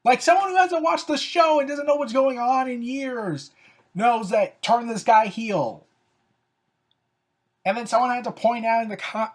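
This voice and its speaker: A fan commentator talks through wrestling storylines in a loose, unscripted way. The delivery is sarcastic and openly exasperated, and it leans on "so, yeah" and "like" as fillers. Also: mid-range voice. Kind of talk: casual opinion commentary.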